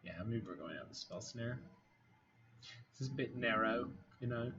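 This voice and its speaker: A man talks his way through a card game, weighing plays aloud and muttering asides to himself in a wry, easy tone. His voice sits at a middling pitch and comes through a slightly dull, lo-fi mic. Faint clicking and low noise run underneath. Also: normal speed. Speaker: game streamer. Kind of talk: casual commentary over a card game.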